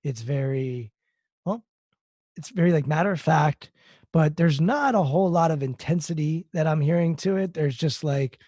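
Higher-pitched man with a mellow tone. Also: lively intonation, moderate pace, no room sound, studio quality. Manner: thoughtful, searching for words as he asks. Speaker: host, works with athletes. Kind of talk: interview conversation.

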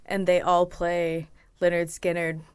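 A woman's voice: lowish voice, completely flat delivery, measured pace, smooth. A woman guesting on a podcast, chatting casually with joking, self-deprecating asides.

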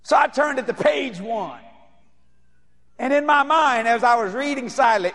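A man preaching a sermon, telling stories in an animated, playful way and often shouting. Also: very high-pitched, normal speed. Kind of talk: sermon with storytelling.

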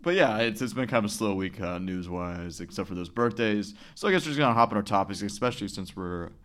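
A man with a very low, deep voice chats casually as a podcast co-host. He rambles, swears freely and breaks into laughter often. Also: fast, fairly bright tone. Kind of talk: casual chat.

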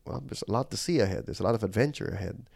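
A man's voice: lowish voice, lively intonation, racing, gravelly, darkish tone, no echo, studio quality. A man giving an earnest, sermon-like leadership talk as a podcast host, telling stories with animation. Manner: switches into Tagalog phrases.

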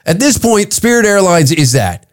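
A man from Canada hosts his own comedy podcast in a solo rant, swearing freely and getting heated as he goes. His voice sits a little higher than most men's. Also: big pitch swings, moderate pace. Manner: profane, heated ranting. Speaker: podcast host and stand-up comic.

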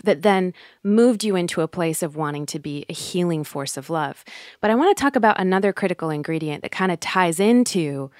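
A woman hosting an interview who talks reflectively and with enthusiasm, sometimes rushing her phrases. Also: fairly low pitch, no room sound, studio quality. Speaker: podcast host. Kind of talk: conversational interview.

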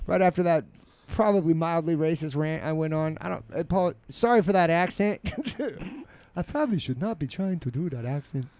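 A man chatting on a relaxed podcast with a slightly high voice. He jokes around, laughs a lot and keeps the talk loose and rambling. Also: normal speed, no echo. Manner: joking, laughs often, does silly mock voices. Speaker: podcast co-host. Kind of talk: casual chat.

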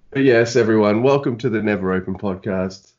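A man's voice: lowish voice, a little mellow, dull audio, slight background noise. A man hosting a podcast in casual, rambling, self-deprecating chat. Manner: rambling, self-deprecating, many fillers and restarts. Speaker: podcast host.

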